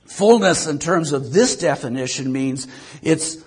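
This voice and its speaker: An older male pastor with a husky, breathy voice that sits unusually high for a man. He preaches in a folksy, self-mocking way, tossing asides and questions to the congregation. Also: expressive, a little slow, darkish tone. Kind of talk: sermon.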